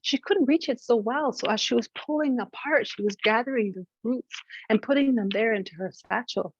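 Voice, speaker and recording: A woman from Canada telling a traditional creation story, lively and expressive. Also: a little high, normal speed, husky, no echo. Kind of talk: oral storytelling to an audience. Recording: dull, dry lo-fi recording.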